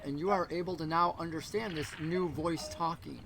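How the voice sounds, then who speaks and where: A man's voice: fairly high pitch, moderate pace, a crowd in the background, low-quality recording. A man narrating as game master of a tabletop game, voicing the characters' lines as he goes. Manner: narrates, then acts out a lofty sorceress in dialogue.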